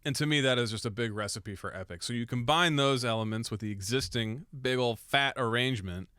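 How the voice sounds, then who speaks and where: A man's voice: mid-range voice, fairly quick, pushed and bright, smooth, no echo, clean studio sound. Irreverent, swearing man explaining music production. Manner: irreverent, swears, self-mocking. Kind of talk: casual tutorial with jokes.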